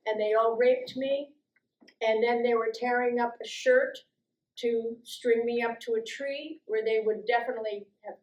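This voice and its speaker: Slow, calm woman in an echoey room. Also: muffled recording. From US East Coast. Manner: slow, calm, deliberate, with soft low-voiced stretches. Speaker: guest speaker. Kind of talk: personal storytelling talk. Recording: roomy echoey recording.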